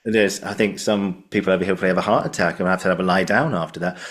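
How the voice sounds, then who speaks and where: A man's voice: low voice, fairly even intonation, racing, a bit bright. A man hosting a podcast, joking and laughing as he chats with his guest. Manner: jokey, laughs often, acts out little scenes. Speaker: podcast host. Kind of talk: casual interview chat. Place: podcast studio in London.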